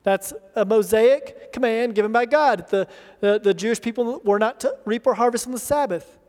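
A man preaching a sermon, his voice pitched unusually high for a man. He speaks earnestly and slips into the voices he quotes, repeating words as he pushes a point. The sound rings with the long reverb of a large hall. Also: normal speed, a little mellow. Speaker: pastor.

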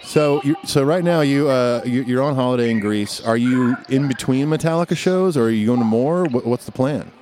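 A man's voice: mid-range voice, fairly quick, hardly any pauses, darkish tone. Podcast host guy, 40s, jokey and laid back, normal middle voice. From United States. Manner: jokey, laughing, easygoing. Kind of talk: casual interview chat.

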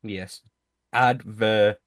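A man's voice: fairly low pitch, steady tone, measured pace. A young man with a British accent, chatting casually over online voice chat, mocking his friend and swearing freely.

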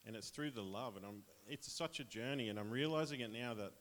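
A man's voice: medium pitch, fairly quick, fairly bright tone. An Australian man casually sharing a personal testimony with his church, chatty and rambling, often laughing.

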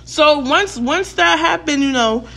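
A young woman, telling a storytime rant to her vlog audience, animated and profane, with lots of filler words and re-enacted quotes. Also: high voice, unhurried, vocal fry. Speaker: vlogger.

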